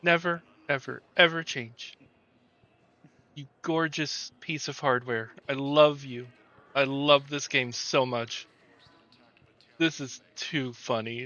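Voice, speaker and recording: A man's voice: mid-range voice, takes it slowly, a bit bright, no echo. A man casually commenting on a game he is playing, playful and laughing often. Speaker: gameplay streamer.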